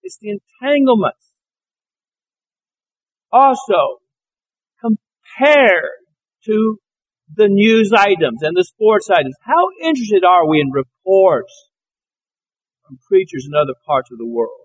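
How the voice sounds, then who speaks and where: Male preacher from Alabama, high voice, homespun storytelling sermon. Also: very animated, slow, pauses often, no room sound, lo-fi sound. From Alabama, USA. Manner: folksy, anecdotal storytelling.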